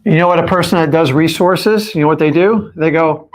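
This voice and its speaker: A real estate coach addresses his live-stream audience directly, driving each point home with blunt emphasis. His voice is pitched somewhat high for a man and runs a little fast.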